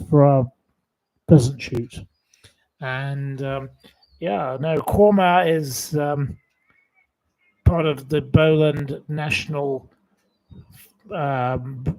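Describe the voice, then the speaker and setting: A man's voice: medium pitch, dark tone, rough recording. A man from northwest England hosting a casual live quiz from home, rambling and chatty with many fillers. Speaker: livestream host running a quiz.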